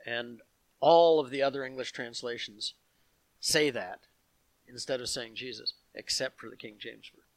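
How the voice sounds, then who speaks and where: Male pastor, mid-pitched, explanatory Bible teacher reading scripture aloud, dry close sound. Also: moderate pace, no room sound. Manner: explanatory, reads passages aloud with asides to the congregation.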